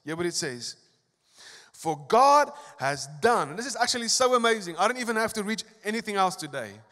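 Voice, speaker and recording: A man preaching a sermon as a pastor, swinging between emphatic, rising lines and quiet asides. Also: sits high, very animated, fast. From South Africa. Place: large church hall. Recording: long church hall reverb.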